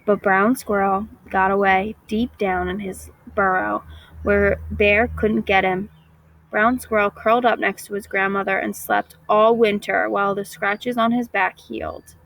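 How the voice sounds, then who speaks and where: A woman reading a folk tale aloud for children in a gentle, expressive storytelling voice. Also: mid-range voice, measured pace, no echo, poor audio.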